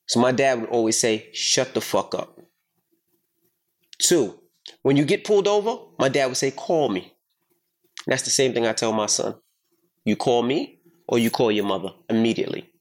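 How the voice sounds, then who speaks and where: Blunt, profane middle-aged man telling a story. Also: mid-range voice. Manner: emphatic, profane, animated retelling. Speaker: podcast host. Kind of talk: casual storytelling chat.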